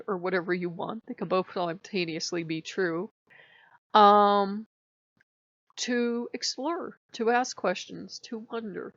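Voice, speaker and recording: A woman's voice: mid-range voice, creaky, a bit bright, no room sound. A stuffed-up woman vlogging casually about her spiritual practice, rambling and chatty. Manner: rambling, chatty, quotes others in little voices. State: stuffed-up nose. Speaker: pagan devotional vlogger. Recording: dull lo-fi dry recording.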